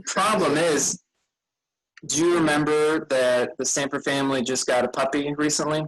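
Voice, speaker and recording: A man's voice: a little high, steady tone, normal speed, fairly bright tone, low-quality recording. A tired man leading a vacation Bible school session, chatting casually with children and rambling a bit as he loses his train of thought. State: tired, yawning.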